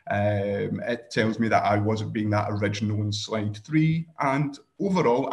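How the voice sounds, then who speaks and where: A Scottish man with a low, wry voice. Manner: dry, joking asides with frequent ums. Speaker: workshop presenter. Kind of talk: screen-share software tutorial.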